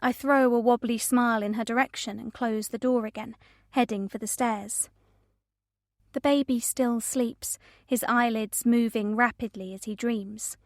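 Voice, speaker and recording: A woman's voice: on the high side, fairly even intonation, measured pace, no echo, clean studio sound. Woman reading a tense audiobook thriller. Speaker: audiobook narrator. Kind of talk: scripted first-person thriller narration.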